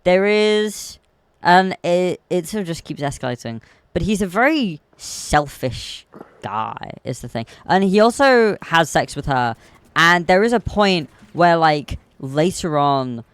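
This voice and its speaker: A young man streaming, casually retelling a film in a rambling, animated way full of ums. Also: on the high side, a little slow, smooth. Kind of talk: casual chat.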